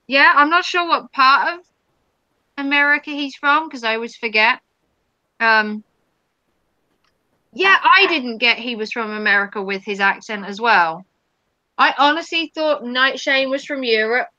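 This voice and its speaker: A woman's voice: sits high, animated, unhurried, long pauses, bright, forceful tone, no echo, lo-fi sound. A woman hosting a casual live stream, chatting with viewers and reading their comments in a rambling way with many ums.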